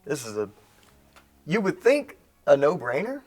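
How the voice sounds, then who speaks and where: A man's voice: on the high side, huge pitch swings, unhurried, faint music behind. A man co-hosting a casual gunsmithing how-to, explaining assembly in a jokey, self-mocking way. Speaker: gunsmithing co-host. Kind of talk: casual instructional banter.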